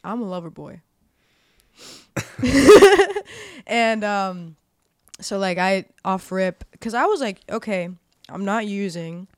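A woman's voice: medium pitch, a little slow, dry recording, studio quality. A woman in her twenties, a podcast guest, telling stories in casual talk, swearing often, leaning on "like" and acting out quoted dialogue. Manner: profane, heavy use of "like". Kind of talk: casual storytelling.

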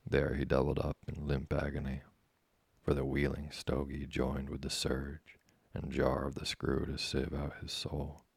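A man reading a novel aloud as audiobook narration, in an even, unhurried storytelling manner. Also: very deep voice, gravelly, breathy edge, no room sound. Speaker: audiobook reader.

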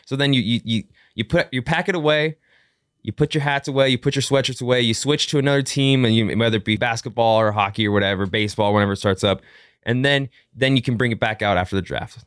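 A man's voice: mid-range voice, fast talker, clean tone, no room sound. Upbeat male podcast host, casual sports chat, bouncy delivery, dry studio sound. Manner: energetic, upbeat, sing-song intros.

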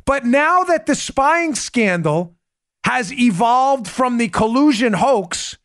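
A man with a notably high voice hosts a political commentary show. He talks emphatically, hammering his points by repeating them, and keeps breaking off into quick asides and restarts. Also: animated, fairly bright tone. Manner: asides and self-interruptions. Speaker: podcast host.

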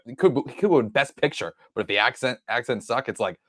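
A man's voice: medium pitch, lively intonation, fast, fairly bright tone, no echo, studio quality. A man from the Boston area with a Boston accent, chatting easily as a podcast co-host. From Boston area, USA. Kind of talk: casual chat.

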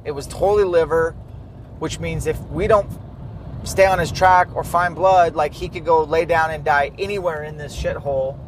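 Dude telling a hunt story, acts out the quotes, a bit high pitched. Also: male voice, normal speed, slight background noise. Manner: lively, acts out quoted dialogue. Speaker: hunter telling a hunting story. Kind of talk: casual storytelling chat.

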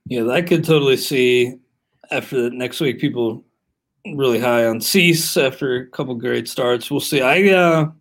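A man co-hosting a sports podcast in casual chat, moving briskly through the rundown in a conversational way. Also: medium pitch. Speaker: podcast co-host.

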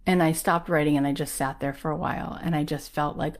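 A guest with a low, brisk voice and fairly even intonation shares a personal story in a casual, chatty way. She peppers it with "like" and acts out the people she quotes.

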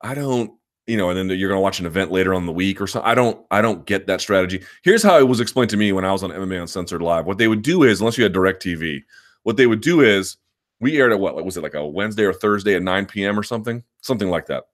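Low-voiced man rambling through viewer questions. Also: lively intonation, quick pace. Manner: rambling, restarts sentences, self-assured. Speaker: host answering viewer questions. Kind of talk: live chat, casual and opinionated.

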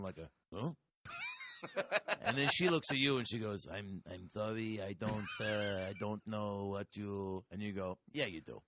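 A man doing a loud, brash crude interrupter. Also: on the low side, a little hiss or hum. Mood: boastful. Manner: blustering, profane, rambling. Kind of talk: comedy podcast bit.

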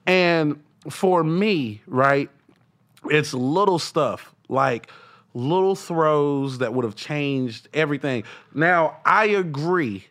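Comedian guy on a podcast, a bit high-pitched, laughs a lot, rambles. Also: animated, slow pace, a bit bright. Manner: laughs often, rambling sports talk. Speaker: podcast guest, stand-up comic. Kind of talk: casual chat.

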